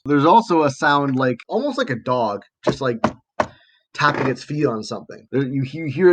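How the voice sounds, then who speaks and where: A man narrating a tabletop game as game master in a casual, halting way with fillers. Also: mid-range voice.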